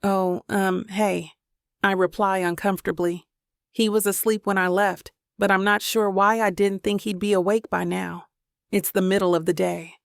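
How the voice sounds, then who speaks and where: Brief: female audiobook reader, intimate first-person narration with a gravelly texture. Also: medium pitch, moderate pace, no room sound, clean studio sound. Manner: intimate, steady reading.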